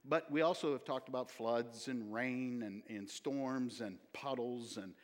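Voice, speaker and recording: A man's voice: mid-range voice, unhurried. A man serving as pastor, giving a chatty, folksy sermon with announcements and lots of fillers. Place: church sanctuary. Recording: long church hall reverb.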